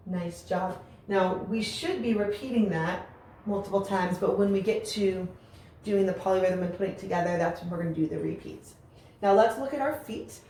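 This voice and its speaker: Rhythm syllables are chanted aloud by a woman whose voice is darkish and medium in pitch, as she explains rhythms and encourages during a music lesson. Strong echo and faint ambient noise fill the recording.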